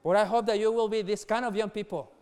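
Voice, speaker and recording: A middle-aged man preaching earnestly to young people, laughing softly between points and repeating words as he goes. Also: sits high, steady tone, fast, smooth. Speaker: youth pastor.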